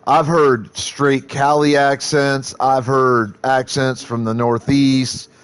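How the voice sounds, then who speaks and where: A man's voice: mid-range voice, little pitch movement, slow, clear, resonant tone. A Midwestern man with a Southern American accent, a streamer chatting casually, blunt and profane, rambling with restarts. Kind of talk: casual live-stream chat.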